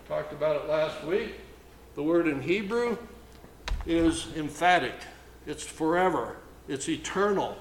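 A man preaching a sermon as pastor, slow and emphatic, repeating words for weight. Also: fairly high pitch, slight background noise. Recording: echoey room with faint ambience.

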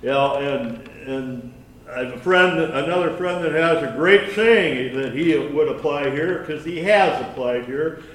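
A man giving a conversational sermon with scripture reading, folksy and halting, with many restarts and asides. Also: fairly high pitch, a bit bright. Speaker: lay preacher. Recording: echoey room from far off.

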